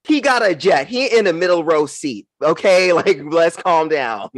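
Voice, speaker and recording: Performing stand-up on a live stream, a young man from the United States speaks into a video-call mic in a slightly high voice at a measured pace. His voice jumps around as he pushes toward punchlines, punchy and animated with lots of laughs. It sounds close and dry, with no echo or room at all.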